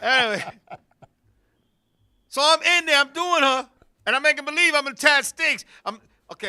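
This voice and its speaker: Guy with a really high sharp voice, animated storytelling, yells out bits. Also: normal speed, pauses often. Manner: animated, loud bursts, laughing asides. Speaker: podcast host. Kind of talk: comedic storytelling. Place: studio.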